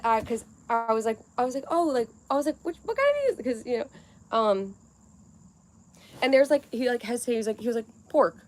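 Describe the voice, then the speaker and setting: A young woman hosting a livestream, chatting casually and rambling as she reads viewer comments aloud, swearing freely. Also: mid-range voice. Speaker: livestream host.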